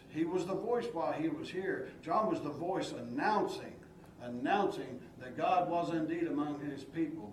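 A male Sunday school teacher who reads the scripture and then explains it in a plain, unhurried way, often stopping to restart a thought. His voice sits a little high for a man. He is heard from some distance in a roomy church space, with a faint hiss underneath. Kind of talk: expository Bible teaching. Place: church room. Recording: echoey church room from far off, faint hiss.

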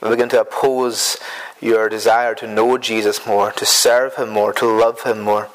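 A man's voice: lowish voice, flat delivery, moderate pace, low-quality recording. A man preaching an earnest sermon who often repeats himself and stumbles over words as he builds his points.

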